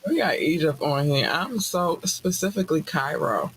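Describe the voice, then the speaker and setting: A woman hosting a podcast in casual chat, bubbly and effusive, squealing with excitement. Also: sits low, normal speed, a little hiss or hum. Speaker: podcast host.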